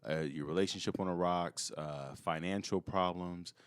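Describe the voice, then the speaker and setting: A man's voice: deep voice, steady tone, normal speed, clean tone, dry recording, studio quality. A man who is a comedian and life coach, talking as a podcast guest in casual chat and acting out quoted lines with animation.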